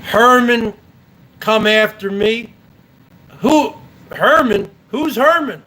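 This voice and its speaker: High-voiced man ranting slowly. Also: bright, forceful tone, poor audio. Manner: angry, profane, sarcastic. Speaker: host. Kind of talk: ranting livestream commentary.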